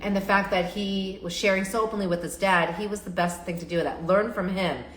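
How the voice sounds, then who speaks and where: A woman therapist hosting a live stream, talking in an animated, chatty way and often stopping to restart her sentences. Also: medium pitch, a little fast. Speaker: therapist and show host. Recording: roomy echo.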